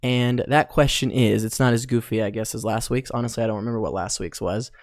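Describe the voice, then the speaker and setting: A man's voice: mid-range voice, quick pace, hardly any pauses, no echo, clean studio sound. A young adult man hosting his own podcast, talking casually in a loose, rambling way full of ums and likes. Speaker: podcast host. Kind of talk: casual solo podcast monologue.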